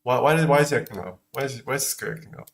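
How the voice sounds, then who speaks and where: A man with an Austrian German accent chats loosely with his viewers on a livestream. His pitch sits in the middle of the range. He keeps talking while he works on his game, so his attention drifts between the chat and the task. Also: expressive, very fast, vocal fry. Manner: distracted, talks while working. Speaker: streamer making a game.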